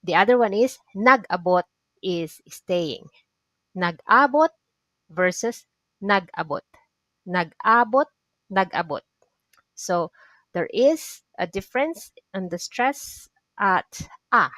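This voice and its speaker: A woman teaches vocabulary at an unhurried pace. She repeats each phrase patiently and keeps checking in with her learners. Her voice sits in a middle range and sounds dry and close. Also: medium pitch, expressive, fairly bright tone, dry recording. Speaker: language teacher. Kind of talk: explaining vocabulary lesson.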